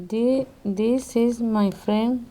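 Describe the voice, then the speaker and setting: Adult woman student in an English lesson, very slow and hesitant, soft mellow tone. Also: fairly high pitch, steady tone, poor audio. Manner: hesitant, short answers with fillers.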